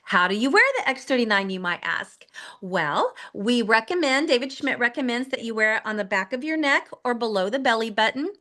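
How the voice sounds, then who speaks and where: A woman's voice: a little high, animated, brisk, pushed and bright. A woman hosting a promotional team call, talking in an upbeat, persuasive and enthusiastic way. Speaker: host.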